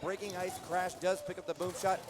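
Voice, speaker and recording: A man giving energetic play-by-play on a live esports match, rising in pitch as the action peaks. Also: brisk. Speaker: esports commentator. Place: live esports arena with a loud crowd. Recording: loud crowd behind the voice.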